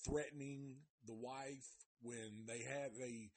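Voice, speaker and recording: Husky-voiced man, slow profane recap. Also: medium pitch. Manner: animated retelling with exaggerated voices of the people in it; heavy cursing, loose slangy delivery. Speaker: live show host reviewing a documentary series. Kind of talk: casual profane storytelling recap.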